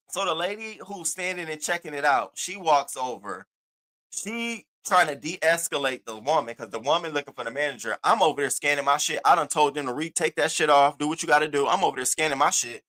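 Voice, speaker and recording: A man hosting an online show, telling a story in a loud, profane, animated rant and acting out the other people's voices. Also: on the high side, fairly quick. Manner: acts out the other voices in his stories. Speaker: host of an online news show. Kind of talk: casual livestream rant.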